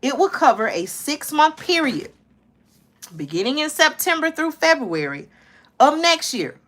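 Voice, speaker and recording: A woman's voice: high voice, big pitch swings, measured pace, fairly bright tone. A woman hosting her own live stream, reading a news report aloud and breaking in urgently, repeating herself and asking her viewers to listen. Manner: urgent, repeats herself, says "okay?" and "listen, y'all" often. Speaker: channel host.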